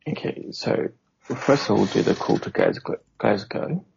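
A man's voice: on the low side, huge pitch swings, normal speed, gravelly, darkish tone, slight background noise. A man running a tabletop game over a call, matter-of-fact, in lo-fi online call audio. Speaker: game master.

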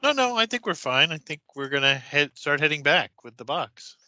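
A man's voice: on the high side, very animated, moderate pace, pushed and bright, no echo, lo-fi sound. A man playing a character in a tabletop role-playing game, giggling and fumbling his words. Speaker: player. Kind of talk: casual tabletop play.

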